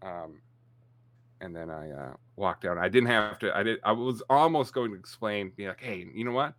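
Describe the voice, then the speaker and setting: A man's voice: fairly low pitch, expressive, normal speed, fairly bright tone. A man in his forties, co-hosting a podcast in casual chat, rambling and self-mocking. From Canada. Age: 40s. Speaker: podcast co-host.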